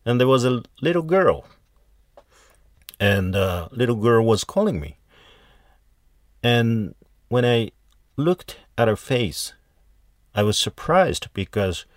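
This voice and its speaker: Slow, deep-voiced man telling a folk tale. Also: big pitch swings, no echo, clean studio sound. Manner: unhurried, halting retelling with fillers and restarts. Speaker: storyteller. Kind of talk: casual folk tale storytelling.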